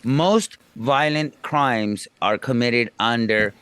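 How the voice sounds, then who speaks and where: A man who moved to America from another country, co-hosting a podcast. He talks through politics in a measured, wry tone and makes his points one by one. His voice sits at a middle pitch. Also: a bit bright, clear, resonant tone, dry recording. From outside the US, immigrant. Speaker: podcast co-host. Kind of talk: casual political chat.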